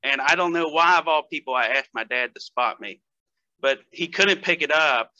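A man's voice: on the high side, normal speed, sharp tone, lo-fi sound. A man guest on a casual podcast, telling stories in a loose, hesitant way with frequent laughter. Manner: storytelling, laughs often, hesitant fillers. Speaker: guest strength athlete.

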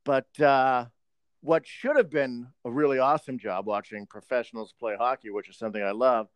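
A man's voice: mid-range voice, moderate pace, no room sound. A man co-hosting a podcast, telling a profane work story in casual chat.

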